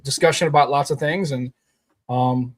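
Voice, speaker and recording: Co-hosting a laid-back tech podcast, this man talks at a moderate pace in a steady, mid-range voice. He tends to ramble, makes his points with emphasis, and drops the occasional swear word.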